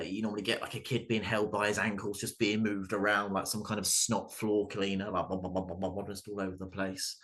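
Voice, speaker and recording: A man in his thirties doing a stand-up set, halting and full of ums and restarts. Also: on the low side, a bit bright. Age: 30s. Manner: hesitant, many ums and restarts. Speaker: stand-up comedian. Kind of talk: stand-up routine at an open mic.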